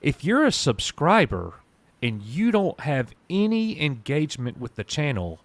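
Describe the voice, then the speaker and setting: A man's voice: on the high side, wildly swooping pitch, unhurried, no echo. A man who creates YouTube content, talking casually and directly on a live stream, rambling and laughing easily.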